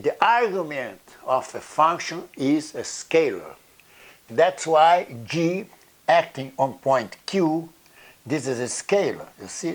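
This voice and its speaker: Slow, halting man lecturing on math. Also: a little high. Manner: halting, repeats words, checks in with "okay?" and "you see". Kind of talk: blackboard lecture.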